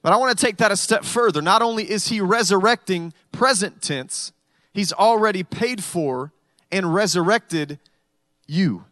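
A man's voice: high voice, measured pace, a bit bright, no echo. A male pastor preaching a sermon in a conversational way, with humorous stories.

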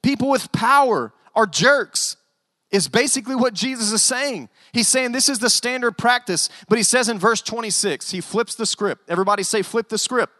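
A male pastor preaching a sermon in an animated way, with joking asides. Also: very high voice, normal speed, dry recording, long reverb tail.

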